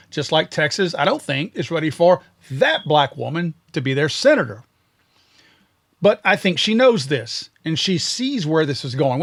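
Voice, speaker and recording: A man from Louisiana hosting a podcast, giving blunt and sarcastic political commentary. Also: fairly high pitch. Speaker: podcast host.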